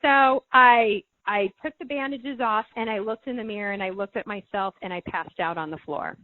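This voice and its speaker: A woman's voice: mid-range voice, moderate pace, no echo. A middle-aged woman, a podcast guest, earnestly telling a personal story and repeating words when moved. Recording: thin phone-like line, dry.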